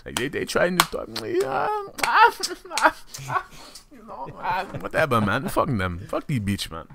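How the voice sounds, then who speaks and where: A man's voice: high-pitched, huge pitch swings, slow, vocal fry, a crowd in the background, voice pushed up, exaggerated voice. A man voicing a crude, rambling drunk uncle with a Haitian accent during a comic podcast bit. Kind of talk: comic impression in podcast chat.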